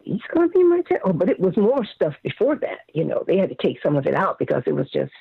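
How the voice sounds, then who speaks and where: Animated older woman on a phone line. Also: fairly low pitch, fast talker, creaky, slightly rough, no room sound. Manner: animated storyteller, acts out quotes. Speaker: guest singer. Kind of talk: casual interview over the phone.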